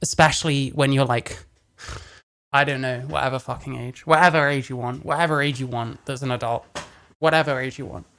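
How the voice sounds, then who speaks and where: A man's voice: mid-range voice, steady tone, a little fast, gravelly, fairly bright tone. Blunt, mocking male reaction commentator. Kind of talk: profane casual commentary.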